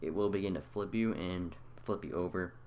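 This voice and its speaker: A man's voice: deep voice, normal speed, a little mellow, slight background noise. A young man giving casual, rambling gameplay tips over his own footage, full of fillers and restarts. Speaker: gaming video creator. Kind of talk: casual gameplay tutorial commentary.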